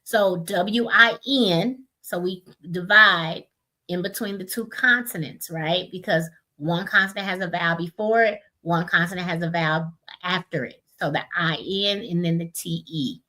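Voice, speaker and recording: A woman teaching parents how to split long words into syllables, explaining step by step, sounding out words slowly and often checking in with "right?". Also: fairly low pitch, bright, forceful tone. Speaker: literacy instructor. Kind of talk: parent education webinar.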